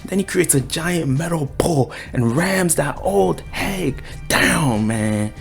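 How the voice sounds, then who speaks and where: A man giving a casual, excited chapter review, talking in slang and acting out the characters' lines. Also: a little high, slow pace, creaky, hardly any pauses, faint music behind. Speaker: anime and manga reviewer.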